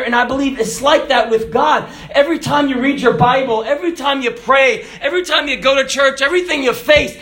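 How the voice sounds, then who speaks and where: A man delivers an energetic, folksy sermon with a high voice, breaking into laughs and shouts. He was recorded on a phone in an echoey room. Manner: animated, folksy preaching with laughs and shouted lines. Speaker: preacher.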